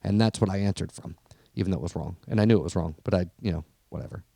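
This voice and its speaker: A man's voice: low voice, racing, creaky, no echo, studio quality. Profane, ranting podcast co-host man. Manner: profane, animated ranting storyteller. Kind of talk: casual chat.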